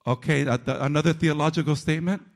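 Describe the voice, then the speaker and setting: Preaching to his congregation, this pastor talks quickly in a creaky voice. He's animated and pokes fun at himself, alternating between loud emphasis and quiet asides.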